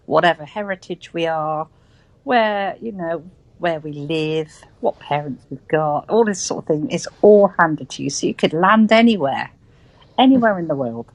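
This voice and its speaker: A woman's voice: sits low, expressive, moderate pace, no echo, rough recording. A British woman with a West Country accent, speaking earnestly as a guest in a casual conversation. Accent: West Country English. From Britain. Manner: earnest, acts out quoted voices.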